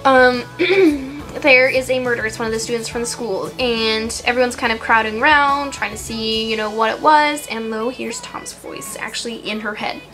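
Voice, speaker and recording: Brief: woman author, bright higher voice, rambling casual chat, faint music behind. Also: moderate pace, rough recording. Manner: scatterbrained, many fillers and throat clearing. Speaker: novelist.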